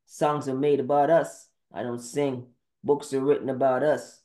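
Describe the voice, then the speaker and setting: A man's voice: mid-range voice, flat delivery, moderate pace, mellow. A man preaching a sermon monologue, firing off terse Bible verse citations in a confrontational way. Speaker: podcast preacher. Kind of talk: scripture-citing sermon monologue.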